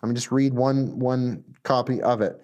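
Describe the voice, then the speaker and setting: A man preaching a sermon, animated, shifting between emphatic lines and hushed ones. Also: medium pitch, normal speed, lo-fi sound. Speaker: pastor. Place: recorded for viewers at home.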